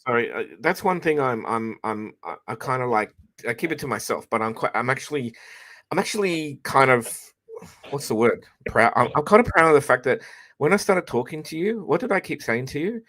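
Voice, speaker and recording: A man chatting in a laid-back, halting way with many restarts on an online panel. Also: medium pitch, animated, fairly bright tone, no echo. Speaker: panel guest. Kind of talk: casual online panel chat.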